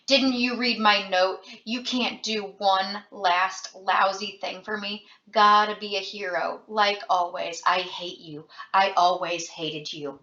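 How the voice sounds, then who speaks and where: A woman reading as a young man slipping into madness, loud, bitter and raging, his voice bright and forceful. The reading sounds roomy and slightly dull, like a lo-fi home recording. It is a storybook reading. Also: mid-range voice, steady tone, unhurried, lightly acted. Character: young man, feverish friend turning violent.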